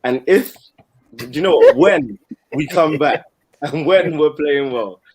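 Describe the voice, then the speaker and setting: A man's voice: a little high, takes it slowly, darkish tone. A man, speaking in a slightly raised voice, co-hosts a football fan show. He defends his club with defiant, self-assured bravado. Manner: defiant, talks himself up. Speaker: co-host, Chelsea fan.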